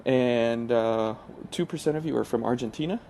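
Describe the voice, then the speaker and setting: A man hosts his gaming channel, chatting through gameplay in a loose, hesitant way full of pauses and restarts. His voice is mellow and relaxed at a middling pitch. A faint hiss sits under the recording. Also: creaky. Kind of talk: casual gameplay commentary.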